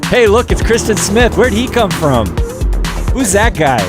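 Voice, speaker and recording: Electronic music plays behind this livestream host, who chats upbeat and casual from a music school studio, welcoming each viewer in chat by name. He speaks slowly in a high, very animated voice.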